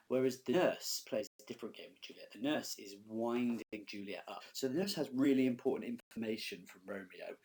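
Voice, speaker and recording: Low-voiced male teacher explaining a lesson. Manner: conversational and explanatory, checks in with students. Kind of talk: recorded classroom lesson over slides.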